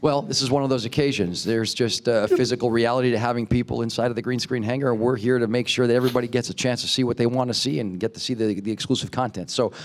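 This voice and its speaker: A man's voice: mid-range voice, fairly even intonation, fast, hardly any pauses. A man hosting a conference stage and introducing the speakers in a playful, hyped, rambling way. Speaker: event host. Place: conference stage before a live audience.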